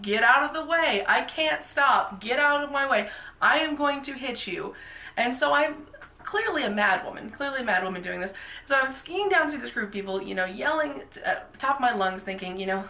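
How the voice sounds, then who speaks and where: A woman vlogger spins a casual, self-mocking story in an animated way. Her voice is gravelly with fry and has a bright, forceful edge. The room around her is echoey. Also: medium pitch.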